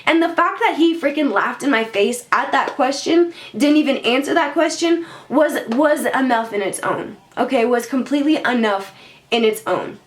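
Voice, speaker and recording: A young woman vlogger telling a casual storytime, animated and swearing, full of "like". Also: sits high, moderate pace. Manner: animated, swearing, lots of filler "like". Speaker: beauty vlogger.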